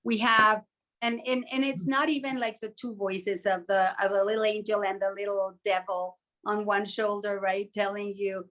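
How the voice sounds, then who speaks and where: A woman's voice: medium pitch, fairly even intonation, moderate pace, fairly bright tone. A woman co-hosting a podcast in casual chat, reflective and acting out inner voices in little quoted asides. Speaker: podcast co-host.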